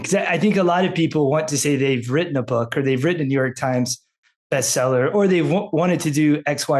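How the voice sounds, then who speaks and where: A man hosting a podcast and putting relaxed questions to his guest. He speaks at an ordinary middle pitch and often stumbles, repeats words and restarts his sentences. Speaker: podcast host. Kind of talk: interview questions, casual.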